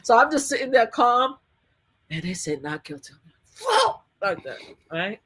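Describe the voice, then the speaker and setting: Animated woman retelling a courtroom day. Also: on the high side, unhurried, slightly rough. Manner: lively retelling with quoted voices and laughter. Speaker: survivor advocate. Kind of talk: animated interview storytelling.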